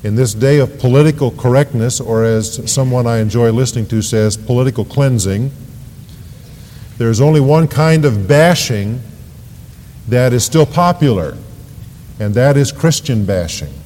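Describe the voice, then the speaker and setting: A man's voice: medium pitch, lively intonation, moderate pace, mellow, a little hiss or hum. Man preaching in a reverberant church. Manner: preaching with rising emphasis on scripture readings. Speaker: pastor. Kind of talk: sermon. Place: church sanctuary. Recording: long hall reverb, church sanctuary.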